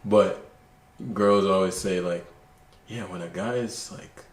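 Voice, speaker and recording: A man telling stories in a relaxed, calm way during a casual podcast chat. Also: low voice, slow pace, reverberant. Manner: calm, laid-back storytelling.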